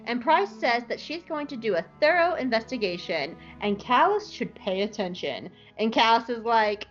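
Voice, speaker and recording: A woman's voice: a little high, big pitch swings, normal speed, a bit bright, muffled recording, faint music behind. A young woman recapping an episode in a chatty, irreverent way, swearing freely. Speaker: show recapper.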